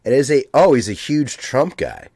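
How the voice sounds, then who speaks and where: A man's voice: mid-range voice, huge pitch swings, normal speed, dark tone, slightly rough, dry recording, clean studio sound. An American man co-hosting a podcast, chatting casually and rambling with lots of ums. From United States. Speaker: podcast co-host. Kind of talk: casual chat.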